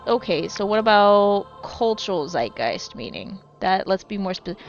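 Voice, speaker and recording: A woman's voice: mid-range voice, sing-song, moderate pace, hardly any pauses, highs cut off, faint music behind. A woman streaming a game and chatting casually with her viewers, rambling, swearing freely and often correcting herself mid-sentence. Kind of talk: casual live-stream chat while gaming.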